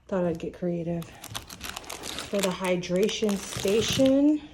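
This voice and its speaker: A woman's voice: mid-range voice, background noise. A woman in her forties chatting casually at home for her vlog, rambling with lots of restarts and fillers. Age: 40s. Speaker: vlogger.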